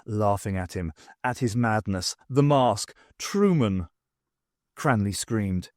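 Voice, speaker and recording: Man reading a dark audiobook. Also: fairly low pitch, unhurried, no room sound, clean studio sound. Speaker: audiobook reader. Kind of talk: unabridged audiobook narration.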